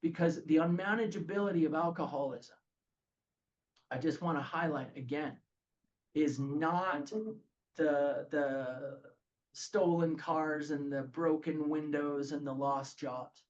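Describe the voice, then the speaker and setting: A man leading a recovery group study in a lively talk, often checking in with "okay?". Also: a little high, slow, muffled recording. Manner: animated, says "okay?" often.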